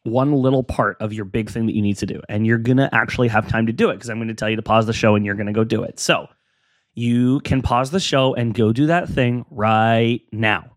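A man's voice: mid-range voice, brisk, no room sound, studio quality. A young adult man hosting a casual solo podcast, rambling and self-deprecating while he encourages his listeners. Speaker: podcast host.

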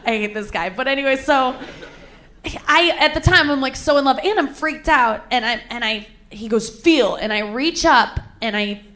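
A woman's voice: high voice, animated, normal speed, pushed and bright. A young woman telling a crude personal story with candid, self-mocking humor, laughing often.

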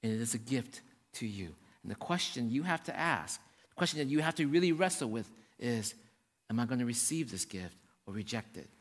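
A man preaching a sermon to his congregation, swinging between hushed and raised passages and often checking in with the room. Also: mid-range voice, animated, brisk. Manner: addresses the congregation directly, checking in with "right?". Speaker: pastor. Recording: long hall reverb.

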